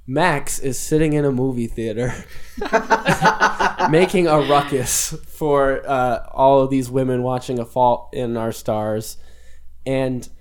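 A man's voice: mid-range voice, slow. A man hosting a comedy podcast, telling an improvised story and laughing often. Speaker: podcast host running an improv game.

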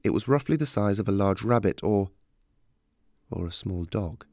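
A man narrating a fantasy story in a steady, measured reading. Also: lowish voice, no room sound.

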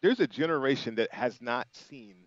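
A man's voice: mid-range voice, expressive, normal speed, no echo, highs cut off. A man appearing as a guest football analyst on a radio show, talking enthusiastically with many fillers. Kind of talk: casual radio interview.

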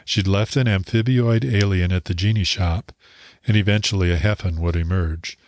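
A man narrating a short story in a calm, measured way. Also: low-pitched, dry recording, studio quality. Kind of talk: audiobook narration.

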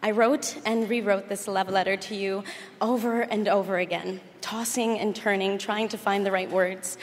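Young woman, earnest tribute reader, mid-pitched voice, long hall reverb. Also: steady tone, normal speed. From Chicago, USA. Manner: earnest, emotional, tender. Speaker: speaker giving a tribute. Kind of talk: reading a heartfelt tribute letter. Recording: reverberant hall with faint noise.

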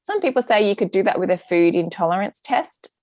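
A woman's voice: mid-range voice, animated, brisk, a little mellow, dry recording. A woman, a gut health practitioner explaining things in a chatty interview with lots of fillers. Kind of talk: casual interview answers.

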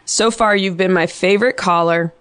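A woman hosts a comedy call-in show. She teases her callers with crude jokes and a dry, deadpan delivery. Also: medium pitch, normal speed, no room sound. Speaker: podcast host. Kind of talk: casual comedic phone-in chat.

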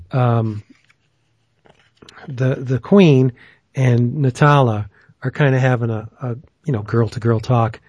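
Husky-voiced man chatting enthusiastically. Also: medium pitch, darkish tone, no echo. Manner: rambling and enthusiastic, many fillers. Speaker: podcast host. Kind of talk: casual chat.

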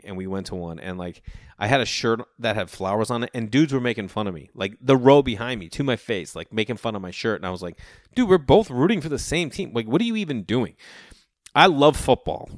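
A man from the Boston area telling rambling casual stories, jumping into animated voices for the people he quotes. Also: on the low side, no echo, clean studio sound. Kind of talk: casual storytelling monologue.

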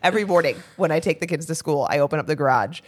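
A woman co-hosting a podcast, chatting casually and telling expressive stories. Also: low-pitched, very fast. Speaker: podcast co-host. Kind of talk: casual chat.

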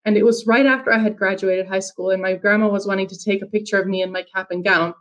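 A woman's voice: mid-range voice, steady tone, fast, rough recording. A woman from Finland telling a personal story as an interview guest, earnest, with frequent restarts and fillers.

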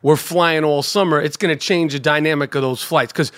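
A man's voice: on the high side, fairly even intonation, a little fast, a bit bright, no echo. A man co-hosting a podcast in casual chat, profane and full of stumbling restarts. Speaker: podcast co-host.

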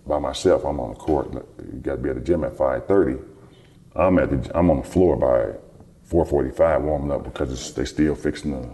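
A man's voice: extremely low pitch, a little fast. A middle-aged man, a former athlete, telling a long story in an interview and acting out what others said to him. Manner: relaxed, rambling storyteller who acts out quoted dialogue. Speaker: guest, former basketball player.

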